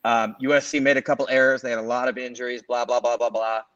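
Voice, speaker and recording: A man's voice: mid-range voice, little pitch movement, fast, highs cut off, a loud crowd. Rambling man in casual sports chat. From Los Angeles area. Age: 40s. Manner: rambling, self-correcting, fond of fillers. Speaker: podcast co-host.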